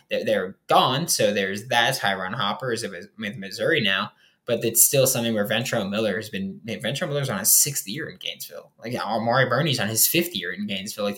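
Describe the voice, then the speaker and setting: A man's voice: mid-range voice, fairly bright tone. A young man hosting a casual sports show, breaking down his team's roster in a loose, rambling way with lots of fillers. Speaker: sports podcast host. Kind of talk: casual football analysis.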